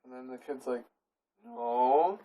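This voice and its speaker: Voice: mid-range voice, unhurried, recorded from a distance, narrow, tinny audio. A young adult making up a comedy story among friends, giggly and rambling, often correcting themselves.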